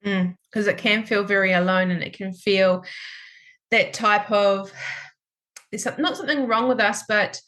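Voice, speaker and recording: Woman, 40s, podcast host, middle pitch, reflective affirming conversational tone. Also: steady tone, moderate pace, fairly bright tone. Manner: reflective, affirming, thinks aloud with restarts. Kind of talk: conversational interview.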